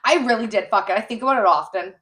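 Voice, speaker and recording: A woman's voice: mid-range voice, rapid-fire, sharp tone, husky. A young woman co-hosting a casual podcast, telling stories in a bubbly, giggly way, wired on an energy drink. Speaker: podcast co-host. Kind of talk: casual chat.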